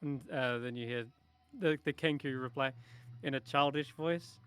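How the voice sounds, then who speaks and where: A man's voice: mid-range voice, fairly bright tone, smooth. Rambling male game master. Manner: halting, many ums and restarts. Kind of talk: narrating a tabletop game.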